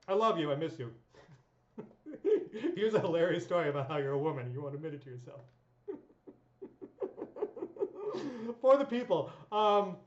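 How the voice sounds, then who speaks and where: A woman in her thirties telling rambling stories in a casual vlog, full of fillers, swearing and laughs. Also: fairly low pitch. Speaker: vlogger. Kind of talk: casual storytelling monologue. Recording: echoey dull room sound.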